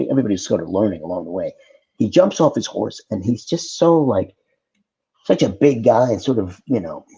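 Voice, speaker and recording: A middle-aged actor telling casual behind-the-scenes stories as a talk show guest, with animated storytelling. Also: male voice, lowish voice, creaky, breathy edge, muffled recording. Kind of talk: casual anecdotes on a video call talk show.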